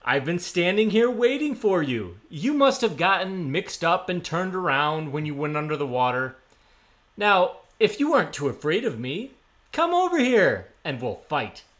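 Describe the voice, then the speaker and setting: A man voicing a boastful, cowardly but cunning male trickster in a storybook tale, bragging loudly and hesitating with filler sounds. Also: a little high, big pitch swings, normal speed, pitched above the performer's own voice. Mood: boastful bluster.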